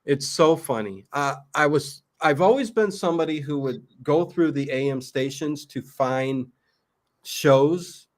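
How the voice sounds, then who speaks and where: A male host in casual conversation, spinning a story with enthusiasm. His voice sits somewhat high for a man. He talks loosely, with fillers and quick self-corrections. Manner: animated storyteller, many fillers and restarts. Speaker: podcast host. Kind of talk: casual chat.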